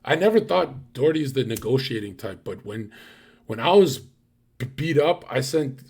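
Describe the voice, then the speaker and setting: A husky-voiced man talks at a middling pitch to his live stream audience. He rants bluntly and profanely, rambling with fillers and quick restarts. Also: animated, darkish tone. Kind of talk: casual ranting monologue to chat.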